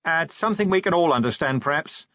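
A man voicing a weary, gruff middle-aged commander of the city watch, blunt and dry. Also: on the high side, lively intonation, fast, fairly bright tone, dry recording, highs cut off, pitched above the performer's own voice. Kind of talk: audiobook character voice.

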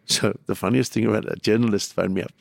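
A middle-aged man with a South African accent and a low, gravelly voice, telling stories on a chat show. He rambles from one anecdote to the next and acts out the people he quotes. The sound is dry and close. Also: steady tone, fast, darkish tone, dry recording. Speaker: comedian, guest. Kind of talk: casual storytelling.

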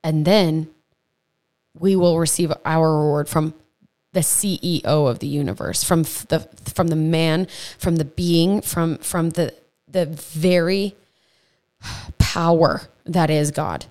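A woman with a low, deep voice hosts a casual faith podcast. She teaches in a chatty, earnest way, stumbling over words and tossing in quick asides as she goes. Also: steady tone, a little mellow. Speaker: podcast host. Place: home podcast setup.

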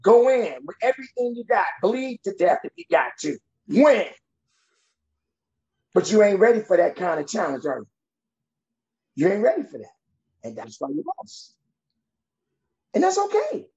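A coach with a high, lively voice that swings widely as he talks. He is blunt and emphatic, with a tough-love manner. The sound is dull and lo-fi. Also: a little fast, gravelly. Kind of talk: podcast conversation.

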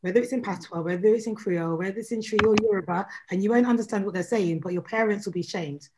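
A woman's voice: medium pitch, fast talker, background noise. A woman who is a regular panel guest on a podcast, giving earnest advice in a casual chat. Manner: earnest, advising.

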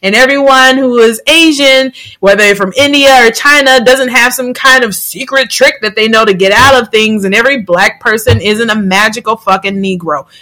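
A woman's voice: on the high side, normal speed, hardly any pauses, sharp tone, rough recording. A woman co-hosting a podcast in casual chat, frank and blunt, and she swears freely. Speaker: podcast co-host.

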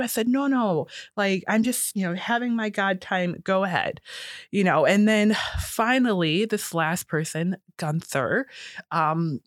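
A woman in her thirties telling a personal story in casual talk, jumping up in pitch when she quotes people. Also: moderate pace, no room sound, clean studio sound. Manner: animated, acts out quoted voices higher.

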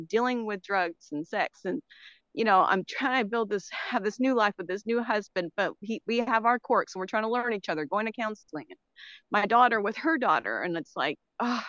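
Middle-aged woman caller, higher voice, rambling and emotional, dull dry phone-call sound. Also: fairly bright tone, no room sound. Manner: rambling, emotional, frequent fillers and nervous laughs. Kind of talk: call-in conversation. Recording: dull lo-fi line.

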